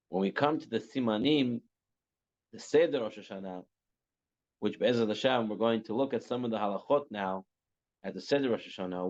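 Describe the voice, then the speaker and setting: A man teaching a religious class, telling stories in a conversational way that often checks in with "right?". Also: medium pitch. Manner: conversational, repeats phrases, asks "right?". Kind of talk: Torah class with storytelling. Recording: muffled lo-fi recording.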